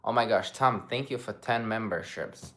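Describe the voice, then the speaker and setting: A man's voice: on the low side, moderate pace, fairly bright tone, a little hiss or hum. Young man chatting, searching for words. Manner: rambling, searches for English words. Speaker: streamer. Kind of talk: casual livestream chat.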